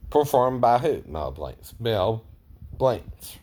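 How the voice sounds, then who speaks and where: Impersonator guy chatting slow, voice going up n down, keeps saying "right?". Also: mid-range voice, big pitch swings, a little hiss or hum. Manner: keeps asking "right?", chuckles often. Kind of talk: casual vlog monologue.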